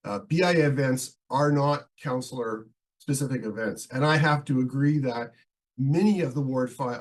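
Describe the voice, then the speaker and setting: A male town councillor speaking in a council debate, nursing a head cold and losing his voice, talking haltingly with many fillers and restarts. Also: mid-range voice, a little mellow, low-quality recording. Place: council meeting.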